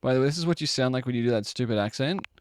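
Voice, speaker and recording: A man's voice: medium pitch, rapid-fire, slight background noise. A man streaming a video game, chatting casually and joking along with it. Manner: amused, laughs and jokes along. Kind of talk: casual gameplay commentary.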